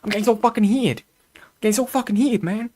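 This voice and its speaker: A streamer putting on a fast, exaggerated mobster-style impression of a heated man, mocking him on a commentary stream. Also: mid-range voice, mellow, pitched above the performer's own voice, close to an everyday voice. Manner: fast, exaggerated mock rant. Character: mocking Sopranos-style heated tough guy, male.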